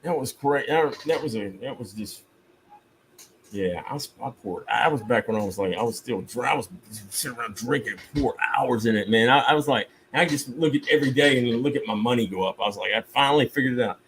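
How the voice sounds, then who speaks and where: A man's voice: mid-range voice, a little fast, a little hiss or hum, poor audio. A man hosting a live stream, telling a long game story in a casual, profane way, with mock-outraged asides. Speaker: streamer host.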